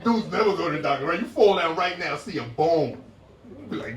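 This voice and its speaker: A man doing a stand-up set, animated and jumping into high-pitched impressions of women, with crowd work. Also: fast talker. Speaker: stand-up comedian. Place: comedy club stage. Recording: roomy live club sound heard from a distance. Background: laughing audience.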